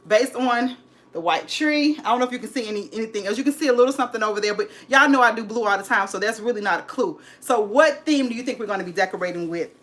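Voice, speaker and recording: Greeting her home decor livestream audience from indoors at home, a California woman talks at a quick pace in a bright, slightly high voice. She's bubbly and hyped, chatting live and calling viewers sis and honey.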